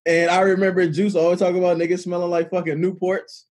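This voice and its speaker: A man's voice: high-pitched, flat delivery, fast talker, a little mellow. A man co-hosting a podcast in casual chat, drawling and laughing a lot while coughing with an irritated throat. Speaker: podcast co-host.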